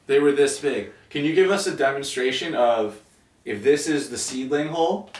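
A man hosts a casual interview, asking his questions in a playful, joking way. His voice sits at an ordinary middle pitch. He sounds distant from the mic in an echoey room. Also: moderate pace.

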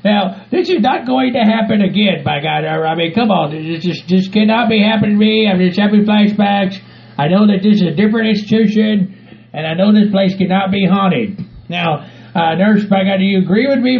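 A man's voice: sits high, brisk, gravelly. A man playing a rowdy hillbilly who rambles with a drawl and keeps saying "by God". He sounds like a lo-fi home recording. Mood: rambling nervous. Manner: rambling, peppers talk with "by God", bursts into shouting.

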